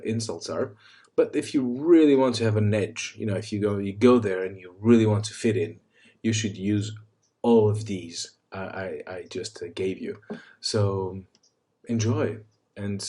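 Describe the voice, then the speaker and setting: A man giving a casual spoken lesson, delivering insults and their translations in a wry, deadpan way. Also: on the low side. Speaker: language tutor.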